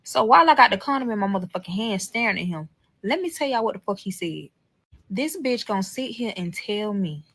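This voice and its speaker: A woman with a bright, forceful voice telling a storytime from her own life. She speaks bluntly and curses freely, calling her viewers y'all. Her pitch sits in the middle range. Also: animated, brisk. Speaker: storyteller in a played clip. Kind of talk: casual storytime monologue.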